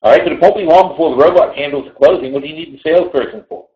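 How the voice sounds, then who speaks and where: A man hosting a live trading webinar in a casual, animated way, digressing and swearing freely. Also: on the high side, rapid-fire. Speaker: webinar host and trading educator. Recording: roomy, slightly dull sound.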